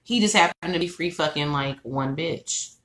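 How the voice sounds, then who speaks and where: A young adult woman co-hosting a podcast, telling stories in a profane, animated way. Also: low-pitched, normal speed. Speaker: podcast co-host. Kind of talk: casual chat. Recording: echoey room.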